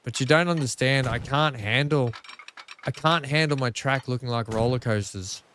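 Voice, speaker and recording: A man's voice: mid-range voice, normal speed, a bit bright, a little hiss or hum. An Australian man casually commentating while live-streaming a building game, chatting with viewers and grumbling at his track. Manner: chatty, talks to chat, self-mocking frustration. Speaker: gaming streamer. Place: home room.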